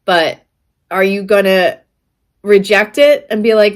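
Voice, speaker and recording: A woman's voice: mid-range voice, steady tone, slow, long pauses. A woman artist talking to camera in a vlog, musing earnestly and rambling with many fillers. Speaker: artist and vlogger. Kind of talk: reflective vlog talk to camera.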